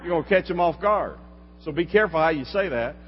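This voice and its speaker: A pastor delivering a sermon, swinging from loud exhortation to quiet asides. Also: male voice, on the high side, animated, fast. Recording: dull lo-fi recording with long hall reverb and faint hum.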